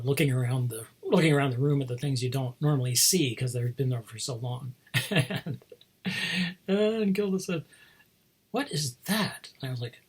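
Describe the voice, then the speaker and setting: A man's voice: mid-range voice, fairly bright tone, slightly rough. A man hosting a casual chat about toy figures, rambling into asides and chuckling often. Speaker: host showing toy figures.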